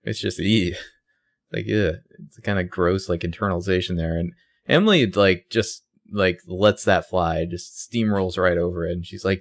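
Gravelly low-voiced male podcast co-host. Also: moderate pace. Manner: jokey, slips into mock character voices. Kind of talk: casual recap chat.

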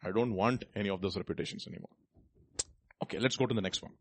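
A man's voice: lowish voice, fast talker, no room sound. A man preaching a sermon, reading scripture aloud and pressing the listeners with rhetorical questions. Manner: reads scripture aloud between comments.

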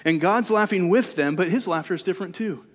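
A man's voice: high-pitched, a little fast. Man preaching in a reverberant hall. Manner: conversational preaching with rhetorical questions. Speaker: pastor. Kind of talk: sermon.

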